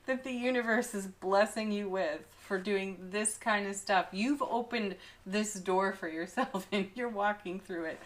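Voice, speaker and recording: A woman reading tarot cards at an unhurried, leisurely pace, her voice pitched in an ordinary middle range. She often breaks into small giggles and gushes over the cards. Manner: frequent giggles, warm enthusiastic exclamations. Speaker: tarot reader. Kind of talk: daily tarot card reading.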